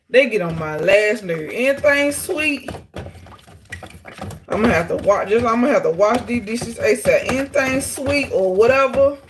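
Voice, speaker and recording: A woman's voice: medium pitch, noisy background. A woman chatting casually to her viewers while cooking in her home kitchen for a vlog. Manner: chatty, talks straight to viewers. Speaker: vlogger.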